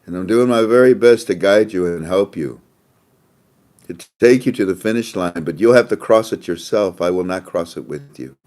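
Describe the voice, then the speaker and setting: A man's voice: deep voice, moderate pace, a little mellow. A man hosting a casual monologue, rambling and repeating his phrases, with frequent laughter. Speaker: host.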